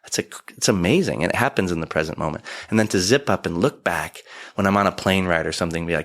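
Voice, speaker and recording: Man, 40s, podcast guest, deep voice, reflective and animated. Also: fast talker. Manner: earnest, animated storytelling with acted-out asides. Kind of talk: reflective conversational talk. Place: studio, in person.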